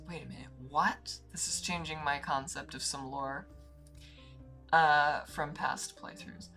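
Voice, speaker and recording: A woman's voice: sits low, steady tone, measured pace, creaky, soft background music. A woman hosting a let's play, chatting casually between reading game dialogue aloud. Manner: chatty, warm-hearted asides, reads dialogue aloud.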